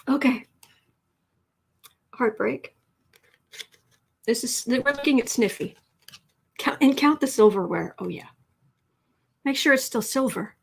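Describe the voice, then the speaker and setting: Brief: woman, tarot host on a home live stream, emotional and shaky, pitched a bit high, talking over a webcam mic. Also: takes it slowly, creaky, pauses often, husky. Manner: excited, emotional, laughing. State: teary, shaky voice.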